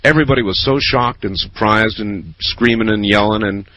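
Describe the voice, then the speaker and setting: A man's voice: on the low side, moderate pace, muffled recording. A man hosting a late-night call-in radio show, chatting easily with callers. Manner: relaxed, chatty, lively phrasing. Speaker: radio talk show host.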